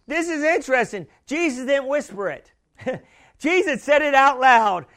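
A man preaching a sermon in an emphatic, repetitive way that builds up to shouting. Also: very high-pitched, lively intonation, a little slow.

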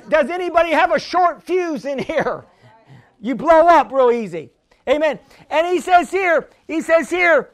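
A pastor preaching a healing sermon, fervent and often shouting, calling for responses from the congregation. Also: male voice, very high-pitched, animated, measured pace.

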